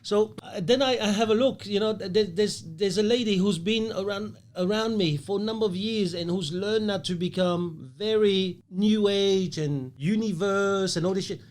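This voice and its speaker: A man's voice: sits high, normal speed, hardly any pauses, darkish tone. Emphatic man musing on ethics. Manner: philosophical, emphatic, swears casually. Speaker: podcast host. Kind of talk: casual podcast chat.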